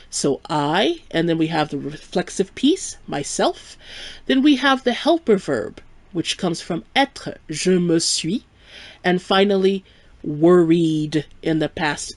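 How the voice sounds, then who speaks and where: A woman teaching a live French lesson, explaining clearly and patiently and slowing down to model each French word. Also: fairly low pitch, lively intonation, no room sound. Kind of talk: live-streamed language lesson.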